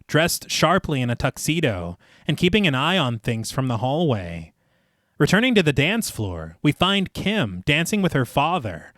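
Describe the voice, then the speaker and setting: A man's voice: fairly high pitch, no room sound, clean studio sound. A man hosting a horror podcast, narrating a film's plot and chatting casually. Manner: lively, reads plot recap then jokes. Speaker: podcast host recapping a film. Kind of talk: casual chat and film recap narration.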